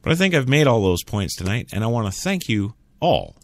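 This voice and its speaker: A man's voice: fairly low pitch, very animated, brisk, no room sound. A man hosting a talk radio show, arguing bluntly and sarcastically with imagined listeners. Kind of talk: opinionated solo talk radio monologue.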